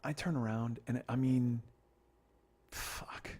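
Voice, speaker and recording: A middle-aged man hosting a podcast, telling a long profane story in a rambling, animated way. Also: medium pitch, fast talker, gravelly, husky. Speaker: podcast host. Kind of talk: storytelling monologue.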